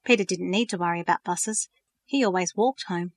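Woman reading a story out loud, steady and even, dead dry sound. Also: lowish voice, a little fast, no echo. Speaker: narrator. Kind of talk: storybook narration.

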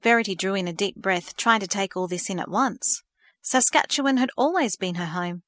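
A woman narrating a novel in a steady, measured audiobook reading. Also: a little high, no room sound, studio quality.

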